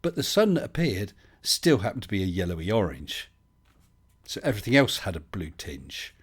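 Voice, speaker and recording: A man's voice: deep voice, sing-song, normal speed, slightly rough. Chatty man hosting a live stream. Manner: rambling and chatty, with many fillers and restarts. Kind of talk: casual live chat reading viewer comments.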